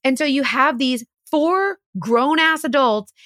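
Woman podcast host telling a wild story, says like a lot, kinda high voice, dry sound. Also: a little slow, no echo. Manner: animated, lots of "like", acts out quotes. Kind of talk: casual storytelling chat.

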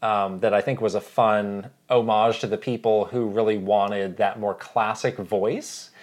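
A man co-hosting a podcast, reviewing a movie in a relaxed, casual way and thinking out loud. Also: on the low side, unhurried. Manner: relaxed, thinks aloud, quotes his own reactions. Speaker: podcast co-host.

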